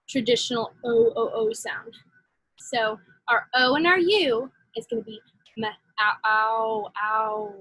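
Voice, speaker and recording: A woman teaching a phonics lesson to young children, slow and encouraging. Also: on the high side, fairly bright tone, husky, no room sound, poor audio.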